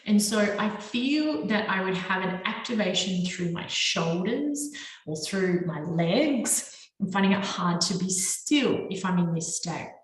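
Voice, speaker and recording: Woman, educator, explanatory lecture, animated intonation, medium pitch, very echoey room. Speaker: trauma and nervous system educator.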